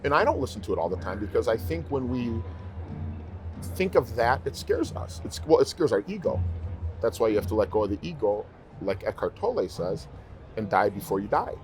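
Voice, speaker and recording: A man's voice: on the low side, very animated, fairly quick, a little mellow, faint music behind. A man, a guest in an interview, telling heartfelt stories in casual conversation and repeating phrases for emphasis. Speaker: interview guest, professional singer.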